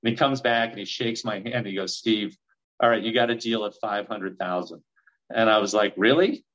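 A man in his forties telling a story in a podcast interview, acting out the dialogue with lively energy. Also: lowish voice, normal speed, dull audio. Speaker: real estate investor guest.

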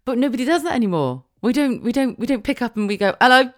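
A middle-aged woman hosting her own podcast, talking casually on her own, with quick asides, rhetorical questions and frequent laughs. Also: a little high, very animated, darkish tone. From England (Wiltshire). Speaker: podcast host. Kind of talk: casual solo podcast monologue.

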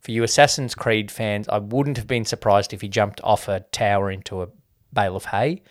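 On a casual film review podcast he co-hosts, a man with a lowish voice speaks a little fast with fairly even intonation. He chats easily and imitates people in mock voices when quoting them.

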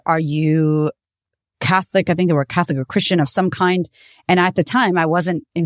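A woman podcast host telling a personal story in a candid, animated way, with some swearing. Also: on the low side, no room sound, studio quality.

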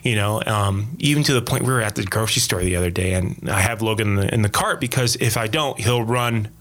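A man's voice: on the low side, brisk, a bit bright. A man in his thirties, a kids pastor, talking casually and telling stories with quoted asides and frequent restarts. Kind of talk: casual conversation.

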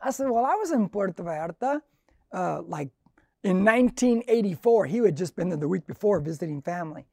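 A man's voice: high-pitched, animated, a little fast, vocal fry, mellow, no echo, studio quality. An older male pastor of Mexican heritage telling a story in a conversational, earnest sermon, acting out the dialogue.

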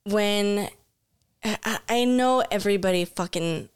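A woman in a casual podcast chat, grieving and near tears, talking slowly and haltingly with long pauses. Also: medium pitch, clean tone. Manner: slow, halting, pausing often. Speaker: podcast host.

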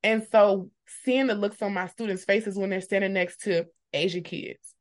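A woman's voice: mid-range voice, moderate pace. A woman from Texas in her thirties talks as an interview guest with an everyday mid-range voice. She tells her stories with animation and acts out the dialogue of the people in them. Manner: animated storyteller who acts out quoted dialogue. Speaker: high school marketing teacher, guest. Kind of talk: casual interview conversation.

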